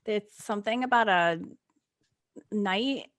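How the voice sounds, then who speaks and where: A woman's voice: medium pitch, slow pace, a bit bright. A woman co-hosting a podcast in casual chat, pushy and teasing in a playful way. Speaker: podcast co-host.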